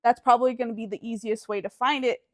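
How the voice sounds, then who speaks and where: A woman's voice: a little high, fast talker, dry recording. A young woman co-hosting a podcast, telling a story in casual chat, acting out what everyone said and swearing freely. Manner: animated, acts out quotes, heavy swearing and "like". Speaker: podcast co-host.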